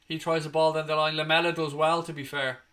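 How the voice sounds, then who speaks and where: A young man from Ireland hosts a watchalong, giving live commentary and chat over a match without ever pausing. He's blunt and sweary, bursting into outrage at bad calls, though his delivery is flat. His voice is slightly high, bright, and forceful.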